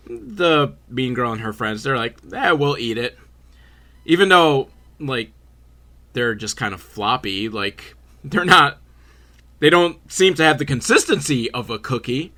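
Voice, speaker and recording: Man, podcast host, lively pitch, bright voice, sarcastic, swears, casual movie recap. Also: unhurried. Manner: sarcastic, swears, animated asides.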